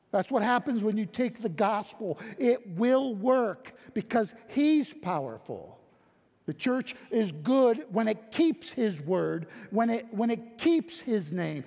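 High-voiced man preaching in a reverberant hall. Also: darkish tone. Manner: emphatic preaching with frequent repetitions and restarts. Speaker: pastor. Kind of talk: sermon.

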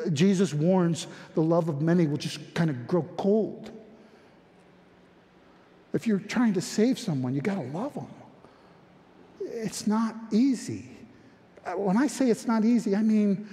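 Male pastor, fervent sermon delivery, unhurried with a slightly high voice, reverberant church hall. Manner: impassioned, repetitive restarts, rising to near-shouting.

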